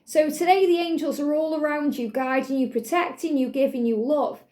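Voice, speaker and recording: A woman giving a spiritual tarot card reading in a soothing, affirming manner, a little out of breath, repeating phrases slowly. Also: high voice, a little mellow.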